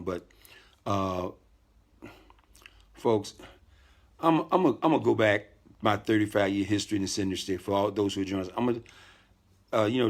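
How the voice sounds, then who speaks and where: Middle-aged male host, low voice, calm and measured, casual motivational live-stream talk. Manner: deliberately calm, greets many viewers by name, repeats himself. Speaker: network marketing leader hosting a live stream. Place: hotel room.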